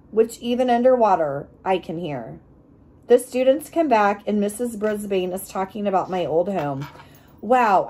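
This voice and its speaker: A woman reading a children's chapter book aloud, expressive and acting out the sound effects. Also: mid-range voice. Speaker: reader.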